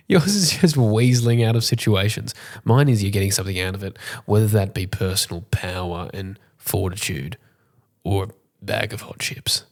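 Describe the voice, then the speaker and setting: A young man co-hosting a casual podcast, dry and teasing, who jumps into higher voices when he quotes people. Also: normal speed. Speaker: podcast co-host. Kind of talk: casual chat.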